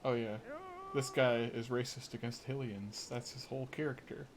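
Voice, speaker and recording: A man's voice: medium pitch, fairly even intonation, moderate pace, noisy background. A man rambling through casual live gameplay commentary, full of fillers and restarts. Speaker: game streamer.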